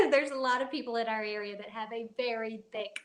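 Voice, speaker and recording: A woman's voice: on the high side, normal speed, reverberant. A woman with a Kentucky accent hosting a casual live chat stream from her phone, rambling and laughing often. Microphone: phone at arm's length.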